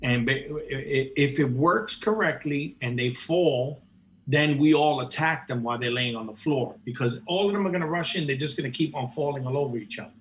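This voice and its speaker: An eager male tabletop player talks through his plans out loud. His grammar is casual and loose, and his voice sits at a middling pitch. Faint room ambience can be heard behind him. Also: brisk, slight background noise. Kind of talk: tabletop game play, casual.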